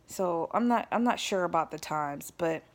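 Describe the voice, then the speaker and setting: This woman vlogger has a lowish voice with lively intonation and a moderate pace. She rambles casually through a personal story, often pausing to check in with her listeners, whom she calls y'all.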